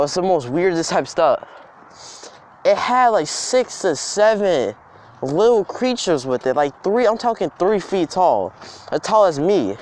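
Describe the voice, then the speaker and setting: A man's voice: high-pitched, slight background noise. A young man telling a personal story outdoors in a casual, rambling, emphatic way. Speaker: vlogger. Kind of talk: storytime vlog. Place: outdoors in the cold.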